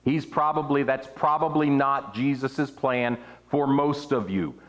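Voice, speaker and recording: A man delivers an earnest sermon, his voice sitting at an ordinary middle pitch. He climbs higher to stress a point, then sinks low and quiet as he reads scripture and presses the question home. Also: measured pace. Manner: earnest preaching, rising and falling for emphasis. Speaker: preacher.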